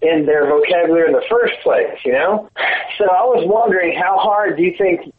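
A man's voice: high-pitched, brisk. A man co-hosting a podcast, asking curious, playful questions in casual banter. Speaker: podcast co-host. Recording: tinny phone-line sound.

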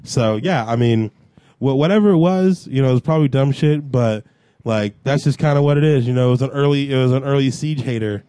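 A tipsy man co-hosting a podcast, joking around in loose, profane, animated chat. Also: mid-range voice, brisk, no room sound. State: tipsy from drinking. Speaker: podcast co-host. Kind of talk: casual chat.

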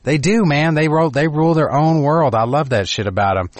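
A Texan man with a southern drawl, talking loosely and swearing as he riffs on a podcast. His voice sits a touch high for a man. The room is dry with no echo. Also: fairly quick. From Texas. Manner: profane, laid-back, opinionated. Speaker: podcast co-host. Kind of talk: casual podcast banter.

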